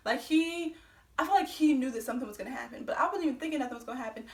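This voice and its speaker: A woman in her twenties telling a story on her vlog. She talks in an excitable way, speeds up when worked up, and swears a lot. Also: high voice, very fast. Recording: roomy echo, voice from a distance.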